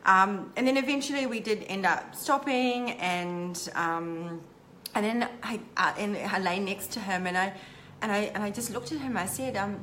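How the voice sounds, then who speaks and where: Woman telling a candid story, halting. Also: mid-range voice, pushed and bright, a little hiss or hum. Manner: halting, many "um" and "like" restarts; candid and heartfelt. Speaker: intimacy coach. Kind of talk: personal storytelling to camera.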